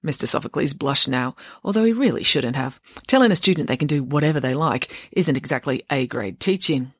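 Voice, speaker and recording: A woman narrating a children's novel aloud with lively, expressive storytelling. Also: a bass voice, a little fast, slightly rough, no echo, studio quality. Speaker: audiobook narrator. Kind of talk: audiobook reading of a children's novel.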